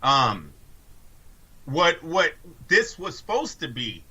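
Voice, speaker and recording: A man's voice: fairly high pitch, wildly swooping pitch, slow pace, sharp tone, slightly rough, low-quality recording. A man co-hosting a casual sports talk show, talking boxing in an emphatic way. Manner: emphatic, addresses co-host by name. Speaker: podcast co-host.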